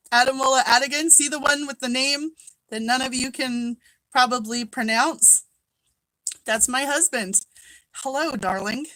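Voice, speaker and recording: Bright, chatty woman on a home livestream. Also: high voice, dry recording, rough recording. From Minnesota. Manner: chatty, laughs often, greets viewers by name. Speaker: craft seller hosting a live chat. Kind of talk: casual live-stream chat.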